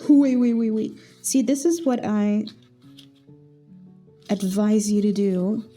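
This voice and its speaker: Chatty young woman, casual planner vlog, thinks aloud, soft music behind. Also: medium pitch, takes it slowly. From Netherlands. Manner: chatty, self-talking, playful exclamations. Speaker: vlogger.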